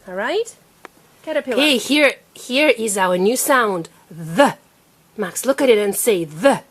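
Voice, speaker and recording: A woman teaching her young child to read at home, patient and coaxing, sounding out letters slowly and repeating them. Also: fairly high pitch, animated, fairly bright tone. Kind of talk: home reading lesson.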